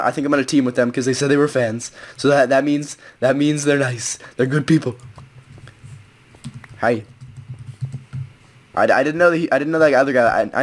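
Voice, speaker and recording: A young man giving excitable, rambling live commentary on his own gameplay as a gaming video host. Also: medium pitch. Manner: excitable, rambling, self-narrating play-by-play. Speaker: gaming YouTuber.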